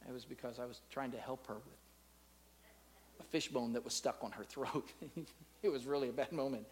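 A man preaching a sermon to a live congregation, swinging between loud, drawn-out preaching and soft, close talk, and leading the room in call-and-response. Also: mid-range voice, fairly even intonation, a little hiss or hum. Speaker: pastor. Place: church in front of a live congregation.

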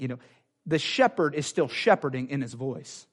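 A man preaching a sermon in a church, animated, repeating phrases and acting out quoted voices. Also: mid-range voice, moderate pace. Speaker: pastor. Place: church sanctuary.

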